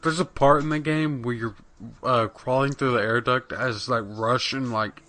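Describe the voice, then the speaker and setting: A man's voice: mid-range voice, fairly even intonation, normal speed, noisy background. A man casually chatting on a gaming podcast, rambling with lots of fillers and swearing. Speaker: podcast co-host.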